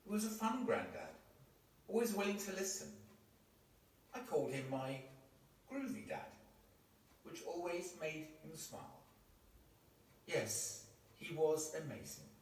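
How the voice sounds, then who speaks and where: A man leading a funeral service as celebrant, speaking in a measured, gentle, formal way. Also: on the high side, very animated, a little hiss or hum. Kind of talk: formal ceremonial address. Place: crematorium chapel. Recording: echoey hall, distant mic, faint ambience.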